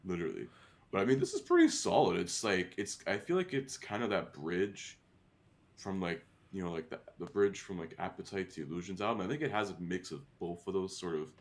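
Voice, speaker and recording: A man's voice: sits low, very animated, brisk. A man co-hosting a music podcast, chatting casually and rambling with many fillers. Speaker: podcast co-host. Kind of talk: casual chat.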